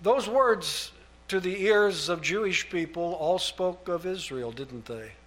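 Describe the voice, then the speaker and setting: A man preaching a sermon, reading scripture aloud and lifting his voice on key phrases, then dropping low on asides. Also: lively intonation, slow pace, a bit bright.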